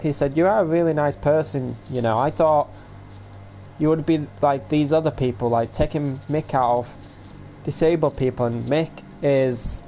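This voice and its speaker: A man's voice: mid-range voice, a little mellow, a little hiss or hum. A man in his late teens, chatting casually and rambling to viewers on a home livestream.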